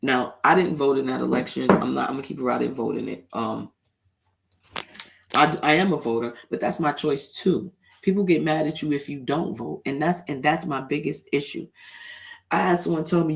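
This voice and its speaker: A man's voice: mid-range voice, fairly quick, vocal fry. A man hosting a solo commentary show, talking bluntly and heatedly and swearing freely. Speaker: podcast host.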